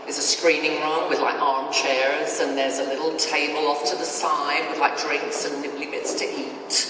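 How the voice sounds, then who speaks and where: A British woman telling anecdotes as a guest on a convention panel, in an animated, sarcastic way. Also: deep voice, normal speed. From Britain. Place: large convention hall. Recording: echoey hall from far off, noisy.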